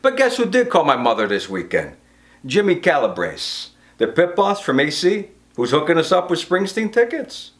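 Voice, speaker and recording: A man's voice: on the high side, big pitch swings, moderate pace, a bit bright. A brash, profane man, performing a comic monologue as a construction boss scolding his crew. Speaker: comedian playing a construction boss.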